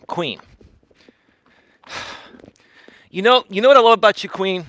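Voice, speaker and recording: A man's voice: high-pitched, measured pace, long pauses, pushed and bright, dry recording. Emphatic man walking and streaming, dry sound. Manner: emphatic, repeats words, tags lines with "right?", laughs often. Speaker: life coach and live-stream host. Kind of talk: casual livestream monologue. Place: walking outdoors during a live stream.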